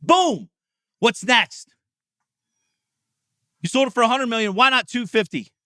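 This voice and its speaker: Middle-aged male podcast host, motivational rant, yells and swears, bright forceful voice, dry close sound. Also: very high-pitched, lively intonation, unhurried, no echo. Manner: intense, profane, yelling. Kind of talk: motivational monologue.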